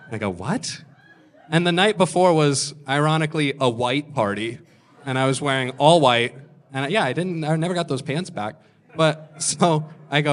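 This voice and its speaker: A young man telling self-deprecating stand-up stories on a comedy club stage, acting out other people's lines in quick voices. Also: medium pitch, expressive. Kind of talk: stand-up storytelling.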